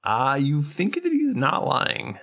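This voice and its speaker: Bright-voiced man running a tabletop game. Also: fairly high pitch, wildly swooping pitch, takes it slowly, lo-fi sound. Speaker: game master.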